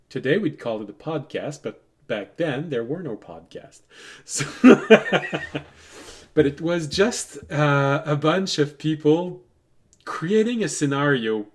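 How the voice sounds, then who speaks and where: A man running a tabletop game as game master, relaxed and digressive, laughing often as he tells stories. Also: on the high side.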